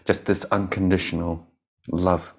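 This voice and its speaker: A man teaching meditation in a relaxed Buddhist dharma talk. His voice sits fairly low, and his delivery is lively and emphatic. He laughs often, repeats himself and lets a casual swear slip. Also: unhurried, gravelly.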